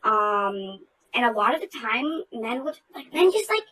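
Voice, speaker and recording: Woman, bright higher voice, heated outspoken storyteller, loose chatty delivery with fillers. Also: sing-song, a little slow, breathy edge, poor audio. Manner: outspoken and profane. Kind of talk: casual group chat.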